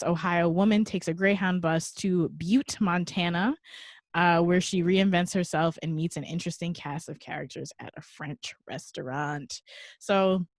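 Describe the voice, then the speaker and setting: A woman co-hosting a podcast in a frank, joking way, walking through a film review from her notes. Her voice sits a little low and sounds close and dry. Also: no room sound. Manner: candid, joking, reads notes aloud. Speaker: podcast co-host.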